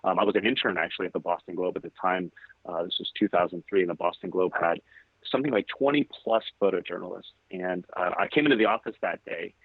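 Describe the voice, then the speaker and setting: A man's voice: deep voice, fast, breathy edge, no room sound. Man on a tinny, dry call line. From California. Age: about 40. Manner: relaxed, rambling anecdotes. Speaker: photographer guest. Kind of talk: interview storytelling.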